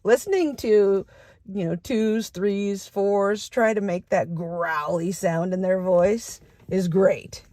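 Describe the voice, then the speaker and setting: A woman's voice: medium pitch, steady tone, slow pace, dark tone, no echo. A middle-aged woman, a storytime librarian, demonstrating a picture-book read-aloud for young children and inviting them to call out sound words.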